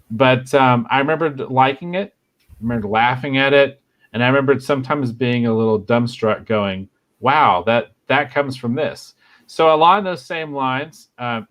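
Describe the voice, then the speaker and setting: A male podcast co-host chatting casually about an old film. He speaks at an average pitch and stumbles often, with frequent ums and restarted phrases. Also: a bit bright. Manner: halting, many fillers and restarts. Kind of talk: casual chat.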